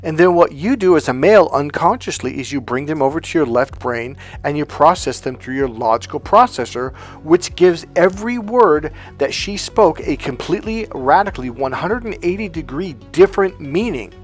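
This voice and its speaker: A man with a somewhat high voice coaching on dating, emphatic and blunt, dropping swear words as he tells a story about a client. Faint music plays softly behind him. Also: animated, moderate pace, hardly any pauses.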